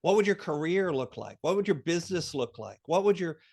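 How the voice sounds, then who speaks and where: A man with a fairly high voice, speaking as a guest coach on a podcast. He tells an imagined scene with lively, animated delivery and slips into quoted voices. His tone stays steady and guiding as he coaches the listener. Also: a little fast. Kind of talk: podcast interview.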